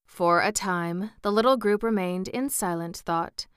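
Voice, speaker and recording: A woman narrating a classic storybook in an even, measured reading. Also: mid-range voice, smooth, dry recording, studio quality.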